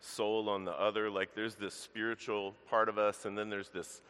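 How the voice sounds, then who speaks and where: A man preaching a sermon to his congregation, earnest and direct, calling them church. His voice sits on the low side. The sound carries the long reverb of a church sanctuary. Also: level tone, moderate pace, fairly bright tone, clear, resonant tone. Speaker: pastor.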